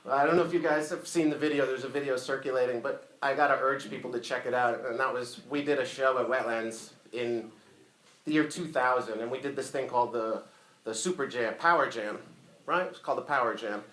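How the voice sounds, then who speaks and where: A man giving a casual, profane, animated eulogy full of stories at a memorial. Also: medium pitch, fairly quick. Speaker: eulogy speaker. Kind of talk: funeral eulogy storytelling. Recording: echoey room.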